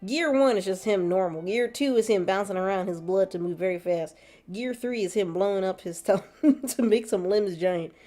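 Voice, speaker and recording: A woman's voice: medium pitch, normal speed, mellow. A woman streaming gameplay, chatting casually, laughing often and reading chat aloud. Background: faint background music.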